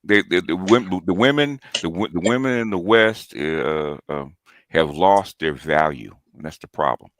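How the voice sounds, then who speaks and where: A man's voice: low-pitched, lively intonation, measured pace, fairly bright tone. A man in casual chat who restarts and repeats himself as he builds an emphatic point.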